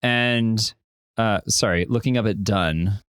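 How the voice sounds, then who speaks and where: A man narrating a tabletop game as game master on a podcast, telling the scene in a descriptive, animated way. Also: lowish voice, takes it slowly, clear, resonant tone, no echo, clean studio sound.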